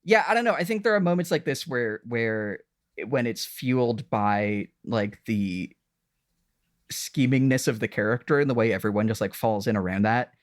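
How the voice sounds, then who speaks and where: A woman co-hosting a podcast, recapping a TV episode in casual chat, animated, laughing often and swearing between many fillers. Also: extremely low pitch, normal speed, no room sound, clean studio sound. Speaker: podcast co-host.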